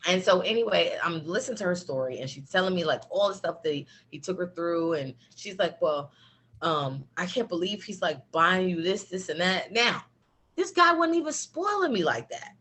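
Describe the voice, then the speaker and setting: A woman telling a personal story in a casual chat, animated, laughing, with lots of fillers. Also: on the low side, normal speed, husky. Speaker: guest.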